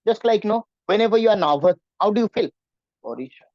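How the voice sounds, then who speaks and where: Man, teacher, lecturing, high voice, dry close sound. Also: quick pace, no echo, highs cut off. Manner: repetitive, questioning students, acts out nervous voices. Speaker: English teacher. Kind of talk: online class lecture.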